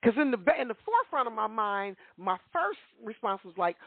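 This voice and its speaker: A woman telling a long personal story on a call-in radio show, animated and rambling, with frequent rhetorical asides to the listener. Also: on the high side, a little fast, creaky, no room sound. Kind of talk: casual storytelling. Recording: tinny dry phone line.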